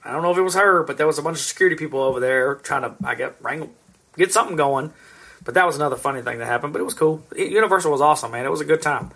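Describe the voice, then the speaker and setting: Husky man telling rambling stories. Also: fairly high pitch, very fast, bright, forceful tone. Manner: rambling storyteller, swears a lot. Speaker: podcast co-host. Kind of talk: casual chat.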